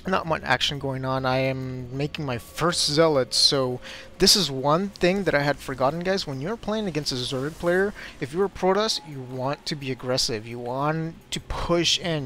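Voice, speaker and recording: A young man commentating his own game replay as a tutorial, excitable and quick to get flustered in the fights. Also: a little high.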